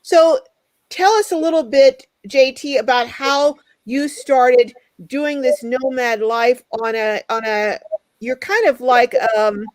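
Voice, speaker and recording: A chatty woman with a high, slightly mellow voice hosts a live stream at a slow pace, reading viewer comments aloud and greeting each person by name. The sound is dry and close, with little room echo.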